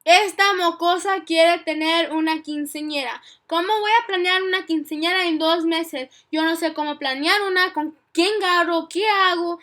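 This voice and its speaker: A woman's voice: sits high, fairly even intonation, close to an everyday voice. A young woman voicing her frantic mother, who rattles off worried questions and slips into Spanish. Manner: rapid, exasperated, switching into Spanish. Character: frantic mother panicking over a party. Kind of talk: acted quote in a vlog story.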